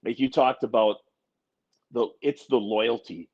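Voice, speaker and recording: Blunt, husky-voiced man in his forties. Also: mid-range voice, steady tone, measured pace. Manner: blunt, profane and emphatic. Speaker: podcast co-host. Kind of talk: casual podcast chat. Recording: dull lo-fi recording.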